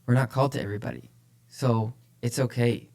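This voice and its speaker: A man's voice: mid-range voice, steady tone, a little fast, creaky, a little mellow. A man co-hosting a church podcast, talking casually and with energy about faith, often repeating phrases for emphasis. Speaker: podcast co-host, church leader.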